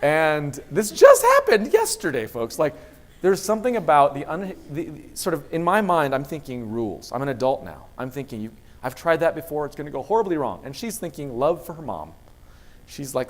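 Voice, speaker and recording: At a moderate pace and with a voice on the high side, a man addresses students as a university vice president of student affairs. He motivates them through animated storytelling, acting out the conversations.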